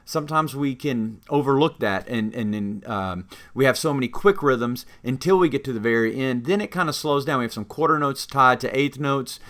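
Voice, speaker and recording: A man's voice: mid-range voice, lively intonation, moderate pace, hardly any pauses, a bit bright. A man teaching trumpet students about rhythm, explaining carefully and singing rhythm examples on "da". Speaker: music teacher. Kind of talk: instructional talk with sung rhythm examples.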